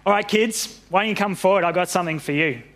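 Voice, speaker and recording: Animated man reading a children's story. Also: sits high, fast. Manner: animated storyteller, friendly and lively with kids. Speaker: pastor.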